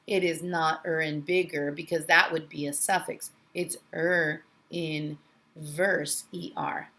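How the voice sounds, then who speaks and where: Sing-song teacher woman, slow and lively. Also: fairly low pitch. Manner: sing-song, exaggerated teacher voice, spells letters slowly. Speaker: kindergarten teacher. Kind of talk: remote phonics lesson for young children. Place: her home.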